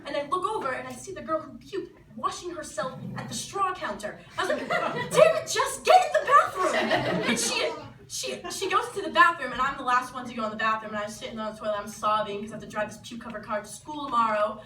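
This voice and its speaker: A young woman from New telling a funny personal story live, animated and laughing as she acts out what people said. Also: fairly high pitch, fast talker, few pauses, a loud crowd. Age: teens. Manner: animated, laughing, acting out quotes. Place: small venue. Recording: roomy, distant mic with background noise.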